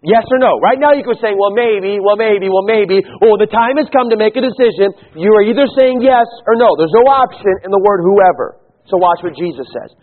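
A male pastor preaching a sermon, emphatic, swinging from quiet low stretches to raised, pleading calls. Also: lively intonation, brisk, few pauses. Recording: tinny phone-like sound.

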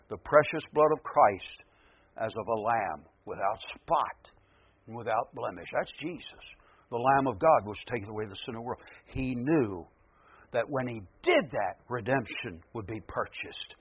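A man preaching a sermon, building to loud emphatic peaks and then dropping low again. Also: expressive, moderate pace, husky, narrow, tinny audio.

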